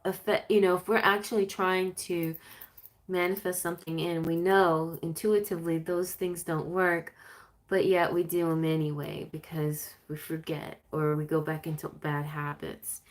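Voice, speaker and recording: A woman's voice: low-pitched, little pitch movement, normal speed. A woman giving a chatty live-stream tarot reading, reading guidebook passages aloud between her own comments. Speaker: tarot reader.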